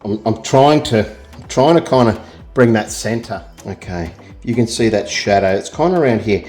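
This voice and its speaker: A middle-aged Australian art tutor with a fairly low voice talks through a painting in real time as he works. He's rambling and chatty at normal speed, with lively intonation and little self-deprecating jokes, while soft music plays faintly behind him.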